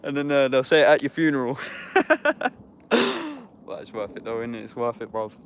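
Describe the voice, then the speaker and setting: A man's voice: medium pitch, a little fast, slight background noise. Slangy young man from England. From Epsom, England. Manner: slangy and sweary, keeps saying bruv. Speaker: YouTuber talking to viewers. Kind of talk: casual livestream chat.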